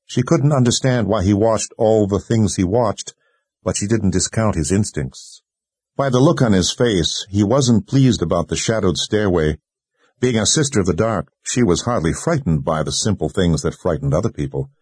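Man, audiobook narration, very deep voice, dark mellow tone, steady storytelling. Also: normal speed, husky, dry recording. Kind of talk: scripted narration.

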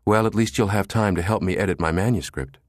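A man's voice: on the low side, quick pace, no echo, clean studio sound, natural voice. A man voicing a witty, teasing woman in an audiobook, lifting his voice a little for her. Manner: teasing, playful. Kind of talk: audiobook character reading.

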